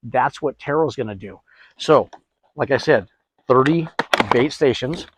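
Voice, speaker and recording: A man's voice: medium pitch, unhurried, noisy background. A middle-aged man hosting a DIY product tutorial, chatty, asking and answering his own questions. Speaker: host.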